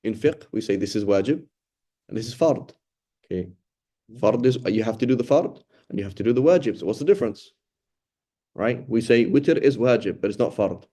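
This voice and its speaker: A man's voice: medium pitch, animated, fairly quick, warm tone. A middle-aged man teaching an informal lecture on Quran study, talking conversationally and often checking in with "right?". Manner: conversational, thinks aloud with frequent "right?" and restarts. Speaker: religious teacher.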